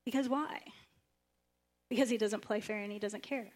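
A woman pastor preaching a sermon in a church, animated, acting out the lines of the stories she retells. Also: moderate pace. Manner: animated, acts out the prophet's lines with sudden high bursts.

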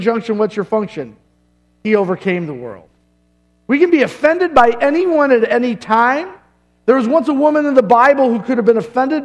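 Male pastor, middle-aged, very high voice, punchy sermon delivery with jokes and long pauses. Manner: emphatic preaching with dramatic pauses and humor.

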